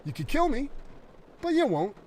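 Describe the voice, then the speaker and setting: A man reading the part of a smug, handcuffed smoker who calmly goads his captor. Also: very high voice, normal speed, distant mic, a little hiss or hum, voice pushed up. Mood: taunting. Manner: calm goading taunts.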